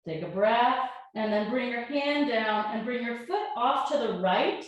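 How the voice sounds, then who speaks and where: A woman yoga teacher calmly talking a class through breaths and poses, with gentle step-by-step cues. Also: a little high, measured pace. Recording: very echoey room.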